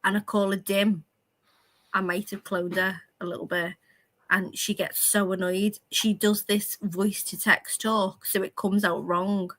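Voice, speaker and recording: A woman chatting casually on a livestream panel, telling loud, sweary stories and laughing often. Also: mid-range voice, flat delivery, unhurried, poor audio. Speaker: streamer panel guest.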